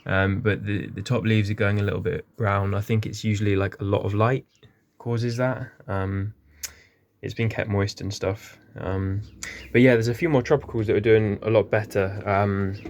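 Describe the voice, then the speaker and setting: Rambling man with low voice. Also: fairly even intonation, moderate pace, darkish tone. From England. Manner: rambling, many ums, self-correcting. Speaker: gardening vlogger. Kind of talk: casual walk-through tour. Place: small greenhouse.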